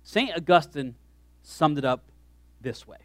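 A man preaching a sermon as pastor, animated, swinging from hushed asides to shouted lines. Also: a little high, a little slow, no room sound.

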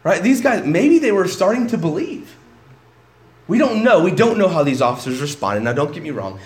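A man's voice: sits high, very animated, moderate pace, darkish tone, roomy sound. A male pastor preaching a sermon in an emphatic, conversational way, often breaking off and restarting his sentences.

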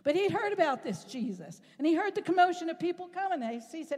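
A woman preaching a sermon in an animated, rhetorical way, at times rising to a shout. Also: extremely high pitch, fast. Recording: long reverb in a large hall.

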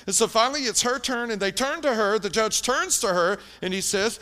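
A man preaching a sermon, telling a story with lively shifts between hushed and loud delivery. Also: sits high, fairly quick, few pauses. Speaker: pastor.

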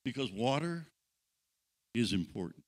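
A man preaching a sermon, dropping to hushed intimate tones and building up again, asking the congregation questions and joking with them. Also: mid-range voice, sing-song, unhurried. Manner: dynamic pacing, drops to hushed intimate tones then builds.

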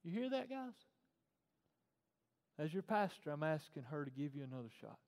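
High-voiced pastor preaching in a hall. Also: male voice, very animated, moderate pace. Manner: swings from hushed to loud and fervent. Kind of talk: sermon. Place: church. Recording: long hall reverb.

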